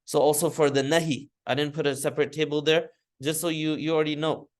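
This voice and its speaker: A man's voice: fairly high pitch, flat delivery, quick pace. A man teaching a grammar lesson in a classroom lecture style. He speaks patiently, restating his points often, with frequent fillers and restarts. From United States. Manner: patient, repeats and reformulates points with many fillers.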